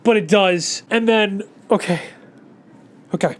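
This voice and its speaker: A YouTuber ranting through a casual movie recap, exasperated and profane, rambling with many restarts and swinging between muttering and loud outbursts. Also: medium pitch, slow.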